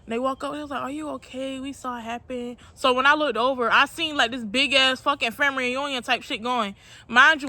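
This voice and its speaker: A woman's voice: high-pitched, sharp tone. A young woman telling a personal story to her viewers in a casual, slangy, candid way, calling them y'all. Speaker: storytime vlogger.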